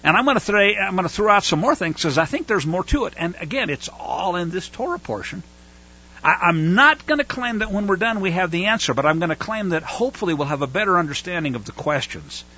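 Animated, bright-voiced man teaching scripture. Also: sits high, fairly quick, breathy edge, muffled recording. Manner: animated, acts out whining voices. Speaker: Torah teacher. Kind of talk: casual Bible study teaching.

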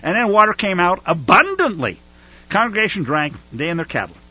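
A man teaching scripture in a casual, animated way, his pitch leaping high and swooping back down. His voice is bright and a little husky. The recording sounds dull and lo-fi. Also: a little fast, dry recording. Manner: animated, acts out whining voices. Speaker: Torah teacher. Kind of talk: casual Bible study teaching.

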